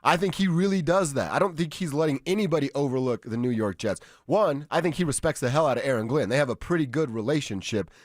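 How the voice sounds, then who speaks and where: A man from Colorado co-hosting a sports radio show in casual chat, talking with restarts and quick asides in a studio. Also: a little high, dry recording. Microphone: studio microphone.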